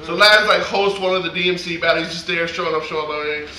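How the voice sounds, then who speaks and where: A man guest DJ telling stories in an animated, profane way, acting out quotes in a casual interview. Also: on the high side, quick pace. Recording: echoey room, faint noise.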